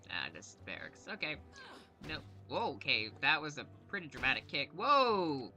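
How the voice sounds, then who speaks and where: A man's voice: mid-range voice, sing-song, moderate pace, pushed and bright, faint music behind. A man giving casual, joking let's-play commentary on a game, self-mocking and laughing often. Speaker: game streamer.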